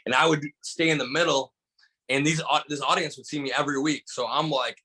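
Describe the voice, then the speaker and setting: A man's voice: a little high, brisk, breathy edge, poor audio. A young man from Michigan, a stand-up comedian and podcast guest, telling stories in casual chat full of "like" fillers. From Michigan, USA. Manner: animated storyteller, heavy use of "like" fillers.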